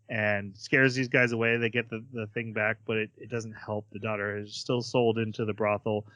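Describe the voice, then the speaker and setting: A man's voice: mid-range voice, moderate pace, bright, forceful tone, dry recording, highs cut off. A man hosting a podcast, casually recapping an episode in a chatty way with many fillers. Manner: chatty, hesitant with fillers, acts out quotes. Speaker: podcast host.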